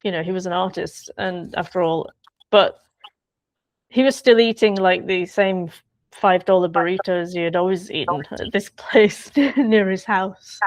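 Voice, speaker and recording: A woman author recalling a friend in a relaxed interview, chatty and quick to laugh. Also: mid-range voice, dry recording. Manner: chatty, laughs often, trails off and restarts. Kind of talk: conversational interview.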